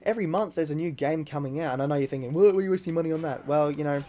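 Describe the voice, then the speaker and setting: A man talking casually over a video game he is playing, excitable and rambling, swearing often. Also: on the high side, racing, slight background noise. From Australia. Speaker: gaming YouTuber. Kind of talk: casual let's-play commentary.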